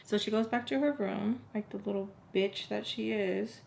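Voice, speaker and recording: A young woman speaks straight to the camera at close range, telling her own story in a loose, chatty way, packing nearly every sentence with "like." Her voice sits at a middle pitch, and a faint hiss of room noise runs underneath it. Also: moderate pace, gravelly, darkish tone. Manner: frequent "like" fillers, drops to near whispers when tense. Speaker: vlogger telling a personal story. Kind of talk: casual storytime monologue.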